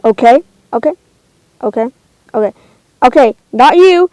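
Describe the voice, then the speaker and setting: A woman's voice: high voice, expressive, measured pace, a little mellow, no room sound, poor audio. A woman giving casual gameplay commentary, indignant and exclaiming, rambling between outbursts. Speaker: gamer.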